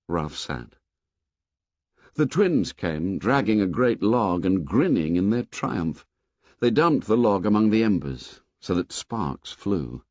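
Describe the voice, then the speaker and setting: Low-voiced, expressive male narrator. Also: dry recording. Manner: measured, expressive reading. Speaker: audiobook narrator. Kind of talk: scripted narration. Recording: dull, dry studio audio.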